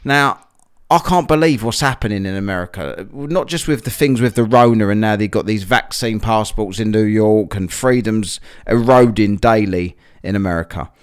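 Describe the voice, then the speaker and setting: A man's voice: lowish voice, normal speed, clear, resonant tone. A man hosting a casual solo podcast, rambling and chatty with lots of fillers, a bit out of breath after a workout. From England. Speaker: podcast host.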